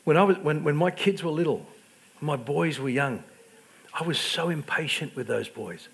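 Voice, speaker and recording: A middle-aged pastor preaches a sermon, telling stories at his own expense with stammered restarts and swinging from loud outbursts to quiet asides. His voice sits on the high side, creaky and husky, at a normal speed.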